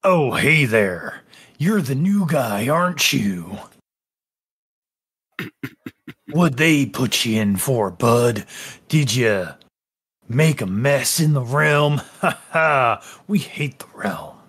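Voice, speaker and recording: A man voicing a sly male prison inmate with a slow, drawling, chummy way of talking. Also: medium pitch, expressive, fairly bright tone, husky, heavily acted. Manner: drawling, slow and chummy, says bud and brother.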